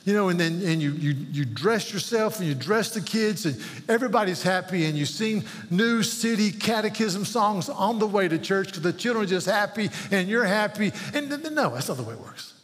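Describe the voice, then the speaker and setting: A man's voice: high-pitched, expressive, a little fast, few pauses. A man preaching a sermon as pastor, earnest and pleading, often repeating words as he builds. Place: church sanctuary. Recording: long hall reverb.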